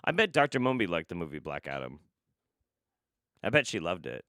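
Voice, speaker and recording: A man's voice: low voice, big pitch swings, fairly quick, sharp tone, smooth, no room sound, clean studio sound. A man hosting a live stream, reacting to videos with sarcastic, rambling, profane commentary. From United States.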